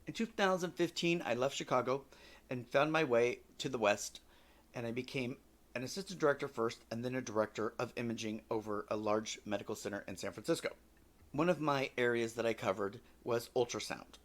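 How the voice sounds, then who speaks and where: A man's voice: medium pitch, a little fast. A man in his forties, a podcast host telling personal stories in a candid, wry way with casual swearing.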